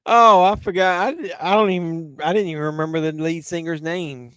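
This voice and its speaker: A tipsy man rambles through a live movie watch-along, cursing casually and answering his viewers' chat. His voice sits a little high and comes through smooth and resonant. The sound is dry and close, with no room echo. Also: fairly even intonation, normal speed, pushed and bright. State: tipsy from drinking. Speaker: live-stream host.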